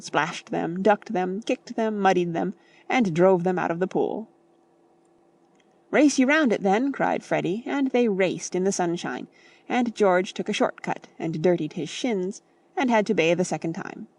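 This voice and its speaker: Woman narrator, lowish voice, measured and expressive, classic novel audiobook.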